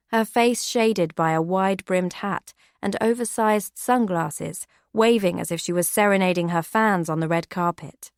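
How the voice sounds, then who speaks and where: A woman giving steady, measured first-person audiobook narration. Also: medium pitch, dry recording, clean studio sound.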